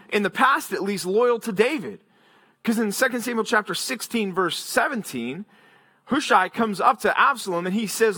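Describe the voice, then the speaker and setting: A man's voice: high voice, sharp tone. A male pastor preaching an expository sermon, retelling the text as a story and explaining it in detail, with frequent restarts.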